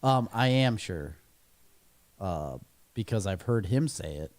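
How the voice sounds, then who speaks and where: A man co-hosting a casual podcast, with a voice a bit lower than most. He trades dry, deadpan jokes and laughs often as he talks. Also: slow pace. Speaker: podcast co-host. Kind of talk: casual chat.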